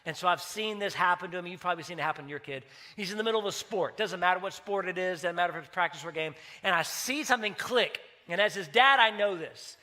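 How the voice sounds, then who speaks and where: A man's voice: high voice, quick pace, few pauses, pushed and bright. A man preaching a sermon as pastor, talking in a conversational way and telling stories with acted-out dialogue.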